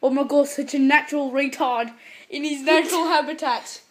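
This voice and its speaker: A woman vlogging as she jokingly spots animals, excitable, going from hushed to yelling. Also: high voice, normal speed, slight background noise. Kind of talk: joking mock wildlife spotting.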